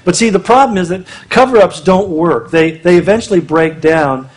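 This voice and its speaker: A man's voice: high-pitched, normal speed. A middle-aged man giving a conversational, humorous sermon at a marriage conference, acting out little quotes as he goes. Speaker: conference speaker.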